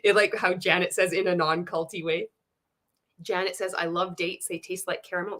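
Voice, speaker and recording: A woman's voice: mid-range voice, normal speed. A woman hosting a casual livestream, reading chat comments aloud and mocking a coach, swearing freely and laughing often. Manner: profane, laughing often, animated and teasing.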